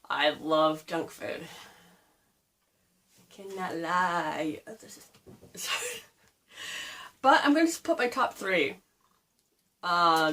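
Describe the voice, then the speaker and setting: A woman's voice: medium pitch, a bit bright. A woman in her mid-thirties talks about books in a loose, casual vlog. She rambles, wanders into side stories, and laughs at her own tangents. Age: 30s. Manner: rambling, chatty, digresses and laughs at herself. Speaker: book vlogger. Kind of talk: casual chat.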